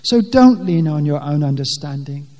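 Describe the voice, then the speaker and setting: A man's voice: fairly high pitch, animated, normal speed. Earnest male preacher in a reverberant hall. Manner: earnest, plain preaching with stammered restarts and sudden loud scripture quotes. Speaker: pastor. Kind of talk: sermon. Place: church with a pulpit, long reverb.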